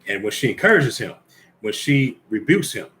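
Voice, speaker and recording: A man's voice: mid-range voice, big pitch swings, normal speed, bright, forceful tone. A man giving informal Bible teaching, reading scripture aloud and commenting conversationally while speaking directly to the brothers and ladies listening.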